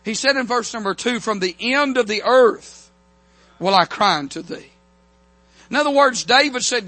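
A man preaching a revival sermon from a church pulpit, fervent, with frequent amens and slow, drawn-out scripture quotes. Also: very high voice, lively intonation, bright, forceful tone, no room sound. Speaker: pastor.

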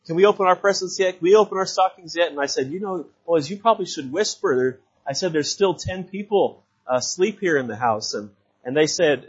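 Husky-voiced middle-aged man preaching. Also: medium pitch, lo-fi sound. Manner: folksy, storytelling, frequent fillers and restarts. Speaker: visiting missionary preacher. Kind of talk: sermon. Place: church sanctuary.

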